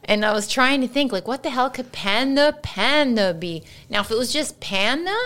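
A woman co-hosting a podcast, chatting casually in an animated way, laughing often and swearing freely. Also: a little high, normal speed. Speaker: podcast co-host. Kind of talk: casual chat.

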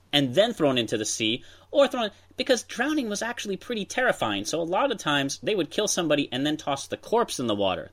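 Medium-pitched and a bit bright, this man hosts a podcast where he chats casually through history stories. His storytelling is sprinkled with asides directed at his co-host.

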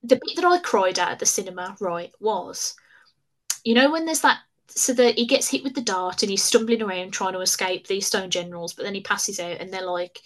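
A woman, chatting excitedly on a podcast and laughing often. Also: medium pitch, a little fast. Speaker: podcast guest. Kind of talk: casual chat.

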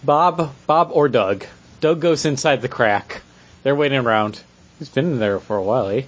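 A man's voice: mid-range voice, moderate pace. A man in a casual brainstorming chat, working out a comedy sketch and slipping into jokey character lines. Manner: acts out lines in a put-on Canadian 'eh' voice. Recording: dull lo-fi recording, faint noise.

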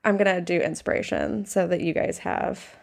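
A woman's voice: fairly low pitch, steady tone, moderate pace, vocal fry. A woman playing a tabletop game, talking in a cheerful, rambling, giggly way. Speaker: player. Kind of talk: casual tabletop play.

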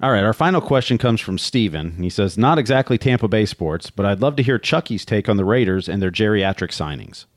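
A man co-hosting a sports podcast, briskly reading listener mail and giving plugs. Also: lowish voice, animated, no room sound, clean studio sound. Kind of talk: casual chat.

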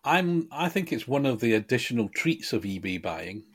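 A man's voice: mid-range voice, big pitch swings, normal speed, a little hiss or hum. A man co-hosting a podcast in casual chat, joking and wandering off into self-deprecating digressions. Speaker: podcast co-host.

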